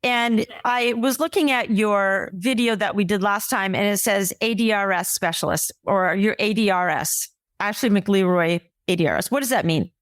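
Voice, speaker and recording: A woman's voice: medium pitch, dry recording, studio quality. Bantering female podcast co-host. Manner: bantering, quick to laugh. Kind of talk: casual chat.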